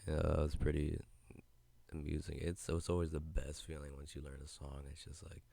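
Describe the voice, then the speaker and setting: A young man hosts a casual solo podcast, rambling in a loose, laid-back way with frequent swearing. His voice is very low, gravelly and dark. He sits close to a podcast mic in a dry, dead-sounding space. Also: flat delivery, moderate pace, no echo. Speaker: podcast host. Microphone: podcast mic with headphones.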